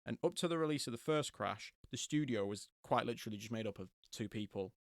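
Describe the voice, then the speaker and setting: A young man hosting a casual retro gaming podcast, jokey and quick to laugh. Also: medium pitch, expressive, dry recording, clean studio sound. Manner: jokey, laughs often, does silly voices. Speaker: podcast host. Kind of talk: casual chat.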